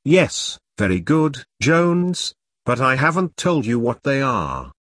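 A man's voice: mid-range voice, very animated, fairly bright tone, dry recording, exaggerated voice. A man reading the part of a pompous, bossy middle-aged army captain, in a dry voice. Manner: bossy, brisk, dismissive. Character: pompous self-important middle-aged male platoon captain.

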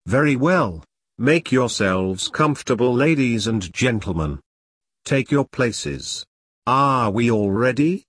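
A gushing male auctioneer, giggly and excitable, voiced by a man narrating a story. His pitch bounces around, the voice a touch husky and dry, recorded close. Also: takes it slowly, dry recording, heavily acted.

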